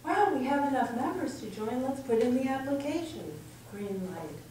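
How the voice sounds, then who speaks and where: A woman's voice: high voice, expressive, normal speed, mellow. Earnest woman speaker in an echoey hall. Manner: storytelling, earnest and reflective. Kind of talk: talk to a congregation. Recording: echoey room from far off, faint noise.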